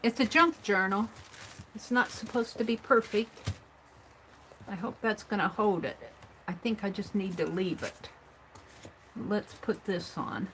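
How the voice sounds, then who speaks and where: Slow, musing woman crafting on stream. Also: mid-range voice, slight background noise, rough recording. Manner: unhurried, thinking aloud, trailing off and soft under her breath. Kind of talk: live craft stream, talking while working.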